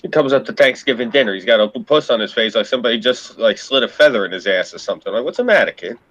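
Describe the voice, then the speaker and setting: A man's voice: medium pitch, quick pace, dull audio. A man chatting casually, telling loose stories with plenty of swearing and laughter. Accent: American. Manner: lively storyteller, swears freely, laughs often. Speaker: podcast co-host. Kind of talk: casual chat.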